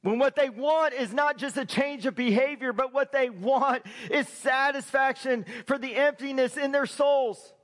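Male pastor, very high voice, sermon delivery with loud shouted peaks. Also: unhurried, hardly any pauses. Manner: preaching with rising shouted emphasis.

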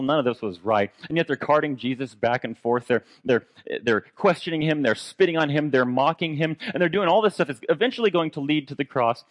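Male pastor, conversational sermon, rhetorical questions, mid-pitched voice, dry close sound. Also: no room sound.

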